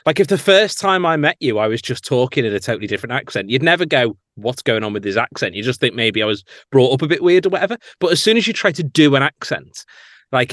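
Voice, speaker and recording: Brief: male actor guest, quick and rambling, animated, dry close mic. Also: medium pitch, no echo. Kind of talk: casual chat.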